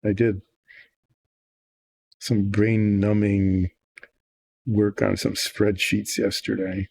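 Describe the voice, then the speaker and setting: A man's voice: lowish voice, little pitch movement, takes it slowly, gravelly, a little mellow. An older man hosting a miniature painting video, chatting casually and thinking aloud in a meandering, self-deprecating way. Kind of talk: casual rambling chat while painting.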